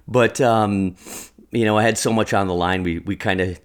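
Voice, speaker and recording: A man's voice: deep voice, normal speed. A middle-aged man from Wisconsin, an interview guest who talks enthusiastically and jokes. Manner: enthusiastic, jokey, many restarts. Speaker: fly shop owner guest. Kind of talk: casual interview chat.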